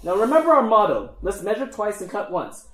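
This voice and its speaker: A man's voice: sits high, sing-song, a little fast, a bit bright, pitched above the performer's own voice. A man voicing a fussy, pedantic male gnome leader who talks in a prim, lecturing way. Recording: echoey room.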